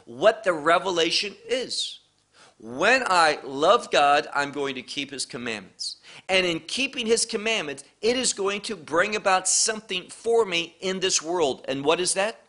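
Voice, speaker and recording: A male Bible teacher speaks slowly and deliberately, leaning on repetition to drive each point home. His voice sits fairly high and bright, with a forceful edge. He works through scripture verse by verse in a teaching manner. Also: lively intonation. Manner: slow, deliberate, repeats key phrases for emphasis.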